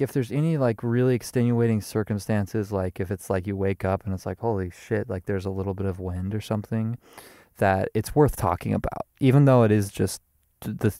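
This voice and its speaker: A man with a low, gravelly voice rambles through an improvised solo monologue. His tone is dark and dry, loose and self-amused, with casual swearing throughout. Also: no room sound. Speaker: podcast host.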